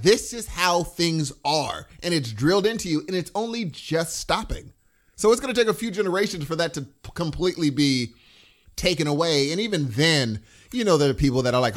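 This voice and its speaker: A middle-aged man co-hosting a podcast, chatting casually and acting out what people would say. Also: on the high side. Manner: animated, acts out quoted voices. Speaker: podcast co-host. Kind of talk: casual chat.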